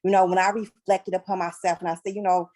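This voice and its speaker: A woman on a discussion panel, sharing a personal story in a lively way, laughing often and acting out what people said. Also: lowish voice, fast talker, low-quality recording. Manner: animated, laughs often, acts out quoted voices. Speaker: panel guest.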